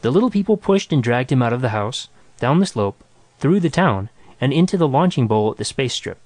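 A man narrating a short story in a measured, even reading. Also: medium pitch, no echo.

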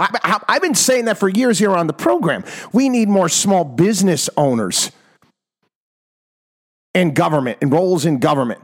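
A man hosting a talk program, ranting in an exasperated monologue that swings from loud outbursts to low mutters, in his fifties. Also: lively intonation, moderate pace. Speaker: radio talk show host. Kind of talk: opinionated monologue.

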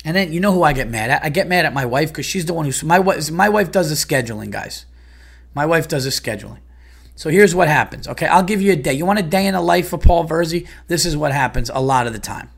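Profane, ranting New comedian. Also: male voice, expressive, quick pace, gravelly. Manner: profane, exasperated ranting that swings louder and higher when annoyed. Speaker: comedian and podcast host. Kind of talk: casual ranting monologue.

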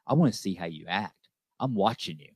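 A man's voice: sits low, expressive, a little fast, slightly rough, no room sound. A man hosting a recovery show, speaking with emphatic conviction, repeating key lines and checking in with "okay?". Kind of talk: heartfelt recovery talk.

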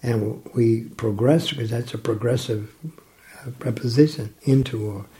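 A man explaining a Bible passage in conversation, reading verses slowly and reflecting on them. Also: mid-range voice, fairly even intonation, mellow, low-quality recording. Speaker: Bible teacher. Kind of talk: scripture commentary in conversation.

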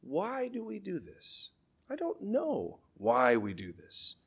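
A man, a priest, preaching a sermon in a measured, deliberate way, letting key phrases fall low for emphasis. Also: wildly swooping pitch, creaky, breathy edge.

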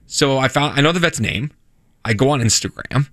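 Brief: rambling man, bright voice, dry studio mic, casual radio chat. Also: medium pitch, animated, normal speed, no room sound. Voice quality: rambling, self-interrupting storyteller. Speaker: radio show host.

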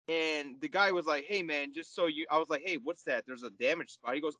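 A young man on a podcast, telling a story in an animated, exasperated way and swearing freely. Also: on the high side, a little fast, no room sound, poor audio. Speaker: podcast co-host. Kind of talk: casual chat.

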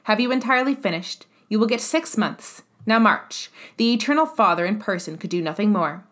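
A woman's voice: mid-range voice, animated, fairly quick, a bit bright, close to an everyday voice. A woman reading a stern police inspector, Javert. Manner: curt, commanding.

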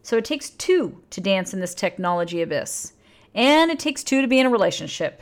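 A woman relationship coach talking in a casual advice monologue, candid and blunt, swearing freely, with emphatic jumps in pitch. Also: very animated, normal speed.

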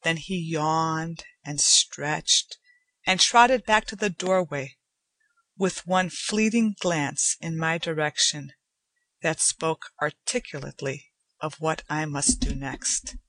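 A woman giving a measured, deliberate audiobook narration of a story. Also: low-pitched, a bit bright, no room sound. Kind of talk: scripted narration.

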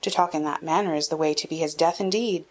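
A woman reading an audiobook, voicing a calm, brisk castle matron who speaks firmly and soothingly. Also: low-pitched, a little hiss or hum, lightly acted.

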